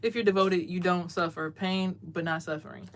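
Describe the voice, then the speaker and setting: A woman's voice: fairly low pitch, steady tone, moderate pace. A woman hosting a casual livestream from a small closet, talking emphatically in a preachy way and often repeating her words. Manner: emphatic, preachy, repeats words, mimics others in loud bursts. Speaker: livestream host doing card readings.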